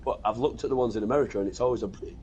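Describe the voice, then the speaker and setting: A man's voice: medium pitch, racing, darkish tone, dull audio, a little hiss or hum. A British man hosting a gaming stream, rambling through stories in casual chat and swearing freely. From Britain. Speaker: gaming channel host.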